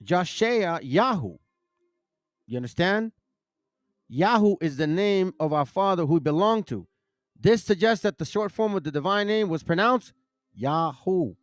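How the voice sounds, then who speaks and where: Casting: higher-voiced man, loose bible-study host who trips over names, dry close recording. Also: animated, normal speed, clean tone, no echo. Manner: rambling, self-correcting, stumbles over names. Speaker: bible teaching channel host. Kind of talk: casual religious teaching and scripture reading.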